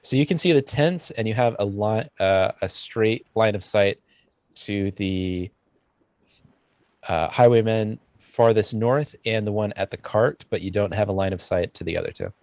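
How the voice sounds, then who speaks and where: A man narrating as game master, speaking in a relaxed way with fillers. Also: lowish voice, moderate pace, no echo.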